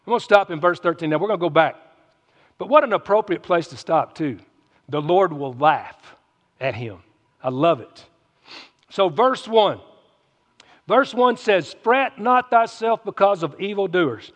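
A man with an expressive, high voice reads from the Bible and then gives a sermon, speaking a little slowly with long pauses. He preaches in a folksy, jokey style with asides to the audience, and his nose is runny; the sound is muffled with long reverb.

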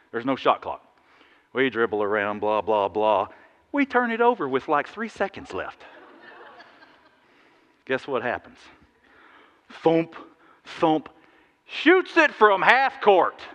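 A man preaching a sermon, telling stories in a lively, animated way with sudden loud bursts. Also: medium pitch. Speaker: pastor. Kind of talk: sermon with storytelling. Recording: dull sound in a big reverberant hall.

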